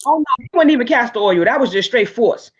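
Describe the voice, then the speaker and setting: A woman tells personal stories in a lively, animated way, often restarting and filling pauses. Her voice comes through somewhat dull, lo-fi audio. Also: a little high, husky. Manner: animated, laughing, frequent restarts and fillers. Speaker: guest speaker. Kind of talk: casual storytelling on a live talk show.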